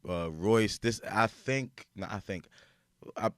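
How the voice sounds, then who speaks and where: Lowish man with a bright, forceful tone. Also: slow pace, no echo, clean studio sound. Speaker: podcast co-host. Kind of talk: casual podcast chat.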